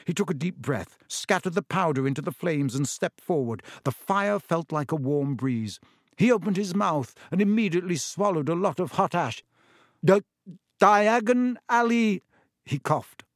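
A man narrates a fantasy novel in a measured, steady way. His voice sits a little high for a man and the recording is dry and close, with no room sound. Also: no echo. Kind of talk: audiobook narration.

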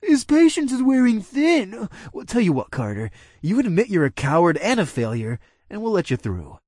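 A man's voice: fairly high pitch, sing-song, moderate pace, no echo, studio quality, pitched above the performer's own voice. A man voicing a sneering frat bully. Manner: sneering, mocking. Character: cocky, taunting young frat guy.

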